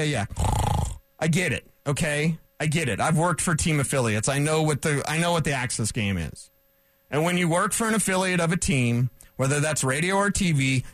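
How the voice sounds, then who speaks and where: Guy ranting about football on the radio, kinda high voice, sarcastic, dry close mic. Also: no room sound. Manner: animated, sarcastic, rambling asides. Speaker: sports radio analyst. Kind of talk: opinionated sports talk monologue.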